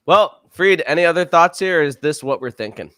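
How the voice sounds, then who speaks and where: A young man co-hosting a podcast, chatting casually in an energetic, playful way. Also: a little high, fairly quick, clean tone. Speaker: podcast co-host.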